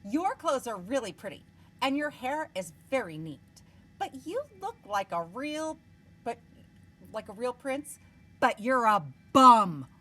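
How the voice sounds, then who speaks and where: A woman voicing a bold, brave young princess who exclaims in a high, excited voice. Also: unhurried, exaggerated voice. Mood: cheeky.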